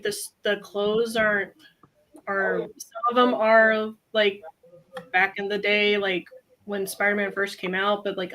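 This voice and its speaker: A woman co-hosting a podcast over a remote call, chatting casually in an animated way with quick asides. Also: medium pitch, poor audio. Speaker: podcast co-host. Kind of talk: casual chat.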